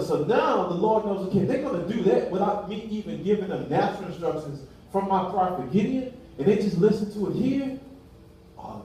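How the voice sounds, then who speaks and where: A man's voice: high-pitched, mellow. A man preaching a sermon in a casual, colloquial way, acting out dialogue as he goes. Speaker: pastor. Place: church hall. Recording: echoey room from far off the mic.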